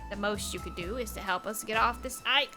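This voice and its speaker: A woman's voice: medium pitch, brisk, music in the background, lightly acted. A woman putting on a nerdy voice for a nervous male staff worker in a game, stiff and formal.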